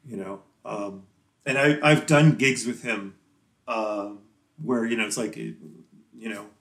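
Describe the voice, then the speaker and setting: A man talking as a guest musician in a casual interview, rambling and chatty and quick to laugh. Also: lowish voice, steady tone, gravelly, fairly bright tone. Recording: roomy echo.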